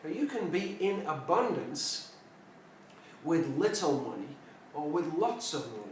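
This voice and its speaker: Male motivational speaker, fairly high voice, storytelling talk, booming echo, set back from the mic. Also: big pitch swings, measured pace, distant mic, a little hiss or hum. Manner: storytelling, emphatic repetitions. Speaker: personal development speaker. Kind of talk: reflective spoken talk to camera.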